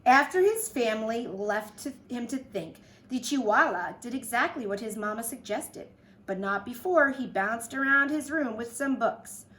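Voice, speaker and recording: Animated woman teacher reading aloud. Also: on the high side, moderate pace. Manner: animated, chatty asides to kids. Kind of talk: reading a picture book aloud to children. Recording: echoey room.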